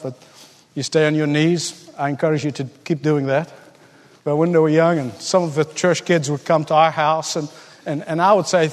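A man preaching a sermon as a pastor, impassioned, swinging between loud high bursts and hushed asides. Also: in a large hall.

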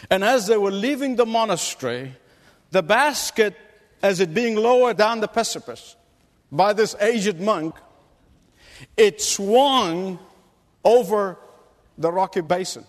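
A man's voice: sits high, big-room sound. A male pastor preaching a sermon, telling a story and then building to emphatic, rising appeals.

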